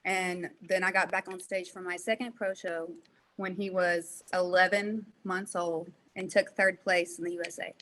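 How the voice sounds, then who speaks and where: A woman in her late thirties with a bright, forceful tone set a little low in pitch. She tells her story candidly in a relaxed podcast chat, full of fillers and quick laughs. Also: rough recording. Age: 30s. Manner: candid and animated, laughs often, many fillers. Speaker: guest, fitness competitor. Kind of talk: casual podcast interview.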